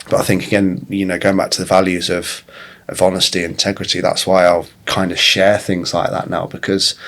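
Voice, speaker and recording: A man in his forties with a very low voice talks candidly on a podcast. He tells personal stories in a loose, unscripted way, swearing freely and often restarting his sentences. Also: a bit bright. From England. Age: 40s. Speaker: podcast guest, life coach. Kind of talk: casual conversational storytelling.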